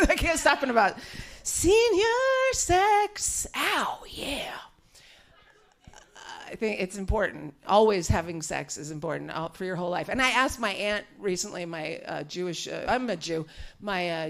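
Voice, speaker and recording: A woman's voice: lowish voice, expressive, normal speed, vocal fry, fairly bright tone. A woman doing a live stand-up comedy set, brash and bawdy, often laughing through her lines. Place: small studio venue set up in a warehouse.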